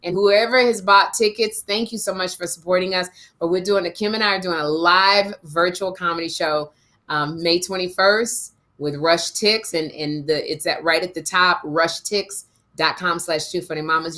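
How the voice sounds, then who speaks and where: A woman co-hosting a casual comedy livestream, telling a story in an animated way and acting out other people's voices. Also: on the low side. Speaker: co-host.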